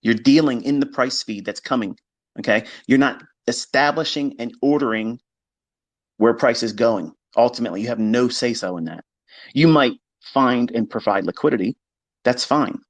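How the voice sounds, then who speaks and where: A man's voice: mid-range voice, moderate pace, no echo. Blunt, profane man lecturing, dry close sound. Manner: blunt, profane and combative, mimicking critics in quoted voices. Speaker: trading educator. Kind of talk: unscripted monologue lecture.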